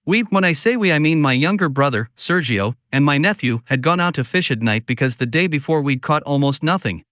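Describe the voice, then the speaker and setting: Man, storyteller, slow and solemn delivery, confiding tone, slightly high voice, dry close sound. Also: lively intonation, fairly bright tone, no room sound. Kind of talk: scripted first-person story narration.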